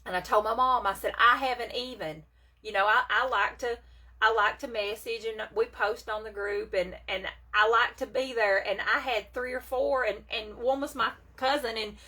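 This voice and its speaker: A woman's voice: fairly high pitch, moderate pace, sharp tone. A woman, chatting folksily to viewers on a live stream while selling makeup. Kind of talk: casual live-stream chat.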